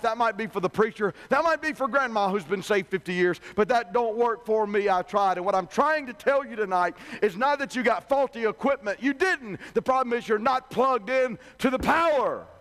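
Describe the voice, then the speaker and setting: A man's voice: very high-pitched, lively intonation, a little fast, hardly any pauses, a bit bright. A male revival preacher giving a sermon in a conversational, humorous, storytelling way.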